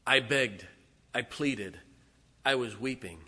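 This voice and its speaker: A middle-aged male pastor delivering an impassioned sermon. His voice is very bright and forceful, with a sharp edge. He drops from loud, emphatic lines to near-whispered asides and hammers home repeated phrases. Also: slow, breathy edge. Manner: swings between booming declarations and hushed, intimate asides. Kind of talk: fervent sermon.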